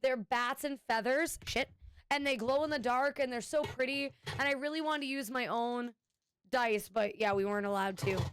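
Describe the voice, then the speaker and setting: A woman's voice: fairly high pitch, normal speed, smooth. A woman streamer chatting casually with her viewers, rambling and swearing now and then. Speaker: Twitch streamer.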